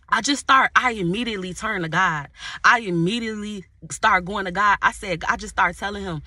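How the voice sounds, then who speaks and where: A woman's voice: fairly high pitch, bright, forceful tone, dry recording. A woman coach giving a fervent, repetitive faith talk to camera and praying aloud to God. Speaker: inner healing and purpose coach. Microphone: camera mic.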